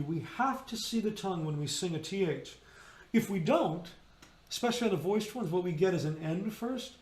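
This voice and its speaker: A man's voice: high-pitched, roomy sound. A man leading a choir rehearsal, explaining singing diction and demonstrating each vowel and consonant sound aloud. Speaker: choir director. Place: indoors, remote rehearsal video.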